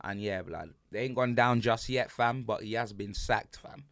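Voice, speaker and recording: A man's voice: lowish voice, normal speed, fairly bright tone, no echo, studio quality. A man hosting a casual sports podcast, ranting animatedly in heavy street slang. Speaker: podcast host.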